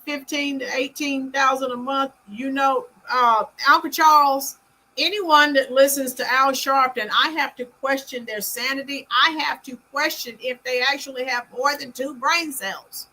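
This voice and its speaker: A woman's voice: high voice, sharp tone, a little hiss or hum. A woman hosting a live-stream political commentary, emphatic and punchy, greeting chat viewers by name. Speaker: livestream commentary host.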